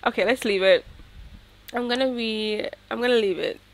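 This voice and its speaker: A woman giving chatty, excitable commentary to her viewers as she plays a life-sim game, a gaming YouTuber talking casually to her audience. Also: fairly high pitch, moderate pace.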